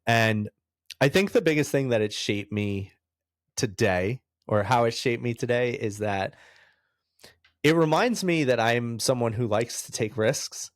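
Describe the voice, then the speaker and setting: Speaking unhurriedly in a medium pitch, a New Yorker in his thirties spins stories as a podcast guest, laughing frequently and doing other people's voices. The casual interview is recorded dry, with studio quality.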